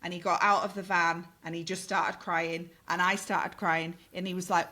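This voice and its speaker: A middle-aged woman from the north of England, a podcast guest telling a story in casual, animated talk and swearing freely. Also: fairly low pitch, moderate pace, few pauses.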